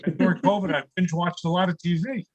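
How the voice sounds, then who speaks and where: Man in his 60s, from New York City, stand-up comic, video call from home studio, slightly high voice, chuckles at own jokes. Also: fairly even intonation, fast, highs cut off. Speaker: stand-up comedian.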